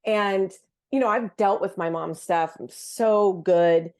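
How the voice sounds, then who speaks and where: A woman's voice: medium pitch, takes it slowly, darkish tone. A woman speaking as a podcast guest, her voice sitting in a middle register. She tells her story earnestly and from the heart, stumbling and restarting as she goes. It is a casual faith conversation.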